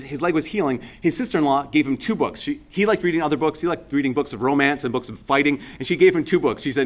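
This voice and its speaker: Animated, higher-voiced priest preaching casually. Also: male voice. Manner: animated storyteller, casual fillers and asides. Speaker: Catholic priest. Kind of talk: conversational homily.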